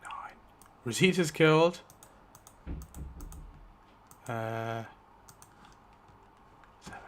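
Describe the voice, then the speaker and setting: A man's voice: medium pitch, very slow, a bit bright, slight background noise. Rambling man recapping a dice-rolled rewrite. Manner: rambling, full of "like" fillers and chuckles. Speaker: YouTube host. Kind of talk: casual narration of a dice-rolled story rewrite.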